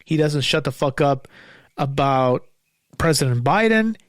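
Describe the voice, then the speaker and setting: A young man ranting angrily and profanely in a solo commentary, repeating himself and sometimes yelling. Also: fairly high pitch, lively intonation, unhurried, dry recording, clean studio sound. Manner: angry, profane, repeats himself, yells at times. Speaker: podcast host.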